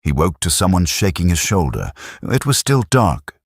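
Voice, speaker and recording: A man reads a war story in a steady, measured storyteller's voice. The voice is extremely deep and husky, with lively rises and falls in pitch. The recording is dry and close, with no room sound. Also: no echo. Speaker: narrator. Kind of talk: scripted story narration.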